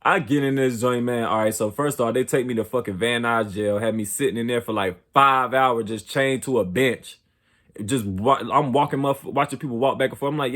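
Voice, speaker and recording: A young man telling a story from his own life in casual, profane slang, often asking "you know what I'm saying". When he replays heated arguments his voice jumps higher and louder. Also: a little fast. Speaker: storyteller host.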